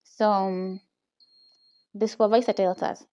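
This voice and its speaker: Her medium-pitched, mellow voice moves a little slowly with little pitch variation, recorded lo-fi on a phone camera. Still, the young woman with a Kenyan accent tells her personal story animatedly in a casual vlog, laughing often and tagging lines with "okay?".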